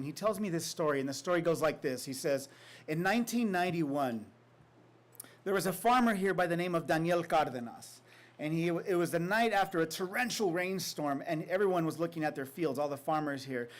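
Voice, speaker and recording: A man, an author at a literary reading, reading a poem and then telling a story in a reflective, unhurried way with casual fillers. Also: on the high side. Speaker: author giving a faculty reading.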